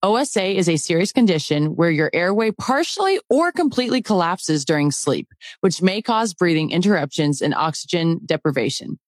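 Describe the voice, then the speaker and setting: A woman reading a health ad in a calm, measured way. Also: fairly low pitch, no room sound, clean studio sound. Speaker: ad announcer. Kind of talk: scripted ad read.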